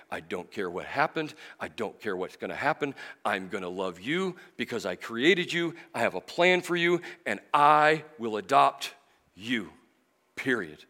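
A middle-aged man preaching a sermon in church, emotional, moving from loud emphasis to soft, slow passages. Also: on the low side. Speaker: pastor.

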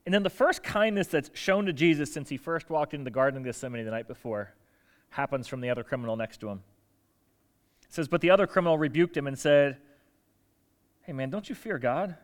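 A man preaching a sermon as pastor, animated, asking rhetorical questions and acting out quoted lines. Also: fairly high pitch, fast.

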